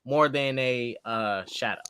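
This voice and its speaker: A man's voice: medium pitch, a little slow, pushed and bright, smooth. A man in a casual fan chat, rambling and joking in a loose, laid-back way. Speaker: co-host of a fan reaction show.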